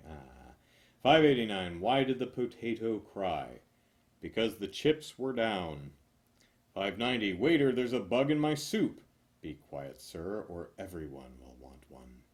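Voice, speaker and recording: Man, lowish voice, reads joke after joke, swings his pitch wide, stretches the punchlines. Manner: animated, punchy joke delivery with drawn-out punchlines. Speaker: host reading jokes. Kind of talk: reading jokes aloud from a book.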